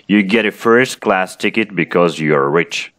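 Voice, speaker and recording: A man's voice: low-pitched, moderate pace, fairly bright tone. A man whose first language is Russian, teaching English in an online lesson by reading a story aloud and asking questions. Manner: reads a story aloud, then asks questions.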